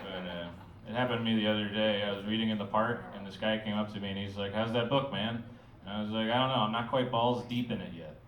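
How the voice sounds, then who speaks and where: A man performing a stand-up comedy set, talking in an offhand mumble full of filler pauses. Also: fairly low pitch, steady tone, a bit bright, recorded from a distance, slight background noise. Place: comedy club stage. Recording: roomy club sound.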